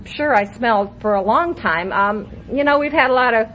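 At a meeting, a middle-aged woman shares her recovery story candidly and wryly, breaking into laughter as she goes. Her voice is fairly high and fairly bright at a moderate pace, heard in a muffled lo-fi recording with faint hiss.

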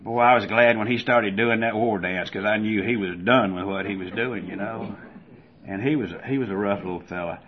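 An older man from Georgia with a Southern US accent shares his personal testimony at a recovery meeting, spinning a folksy story and loudly acting out its voices. His voice is on the low side at a moderate pace. The dull lo-fi recording carries slight background noise.

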